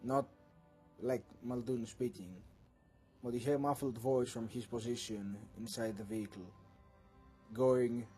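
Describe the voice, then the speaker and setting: A man's voice: mid-range voice, steady tone, unhurried, pauses often, warm tone, faint music behind. A man serving as game master, narrating a tabletop game with an earnest tone and steering the players back on track.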